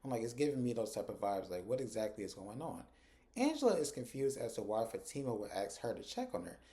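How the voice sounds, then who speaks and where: A man giving a casual recap of a TV episode, retelling scenes with animated asides. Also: mid-range voice, quick pace. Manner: animated retelling, acting out characters' lines with asides.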